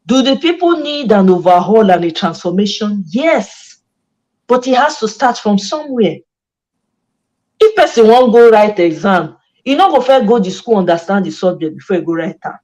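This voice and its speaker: A woman's voice: medium pitch, expressive, moderate pace, a little mellow, rough recording. Nigerian woman host, emphatic and fired up, casual chat mixing Pidgin and English.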